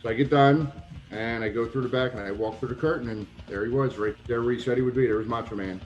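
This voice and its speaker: A man guest in a casual interview, telling lively anecdotes and acting out the people he quotes. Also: mid-range voice, fast talker, muffled recording, faint music behind. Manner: animated anecdotes, acts out quoted voices, swears. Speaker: retired pro wrestler, guest.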